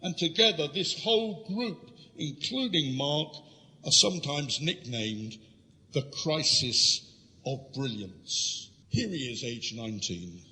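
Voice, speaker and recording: A man's voice: a little high, takes it slowly, a little hiss or hum. A man from London giving an illustrated history lecture, telling stories and speaking directly to his audience. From London, England. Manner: lively storytelling, addressing the audience directly. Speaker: guest lecturer. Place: lecture room. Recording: reverberant lecture hall.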